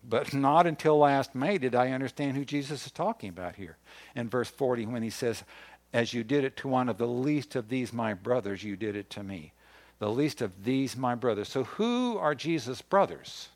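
A man's voice: mid-range voice, moderate pace. A man, a pastor, preaching a sermon and reading scripture aloud, rising in force on key points.

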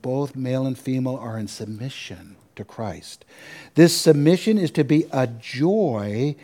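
A man preaching a sermon, animated, with wry asides and repeated points. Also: mid-range voice. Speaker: pastor.

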